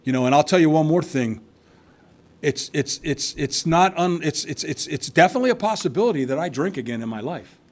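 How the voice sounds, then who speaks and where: A man's voice: on the high side, animated, a little fast. A man in his sixties telling his recovery story to a meeting, candid and wry, with restarts. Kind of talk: personal testimony to a live meeting. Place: meeting hall.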